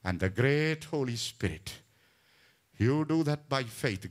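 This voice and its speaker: A man preaching a sermon with fervent passion, rising to shouts and dropping to hushed, low lines, often reciting scripture references. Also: expressive, slow pace. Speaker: pastor.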